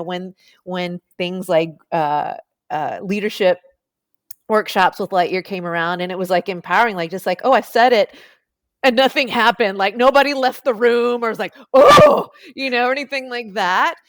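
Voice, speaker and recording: A woman's voice: fairly low pitch, no echo, studio quality. A woman telling her personal story as a podcast guest, chatty and full of "like" fillers. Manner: chatty, many "like" fillers, lively quoted voices. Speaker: podcast guest, nonprofit founder.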